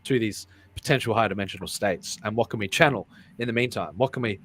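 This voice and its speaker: A low-voiced man hosts a casual live talk show. He rambles, restarts phrases and repeats words as he goes, laughing along the way. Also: fast talker, a bit bright, a little hiss or hum. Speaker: podcast host. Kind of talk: casual live-stream chat.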